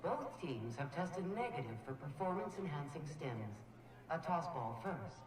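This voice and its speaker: An actress playing a brisk, polished news announcer in a video game. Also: female voice, low voice, big pitch swings. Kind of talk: mock newscast. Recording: echoey, distant, over music.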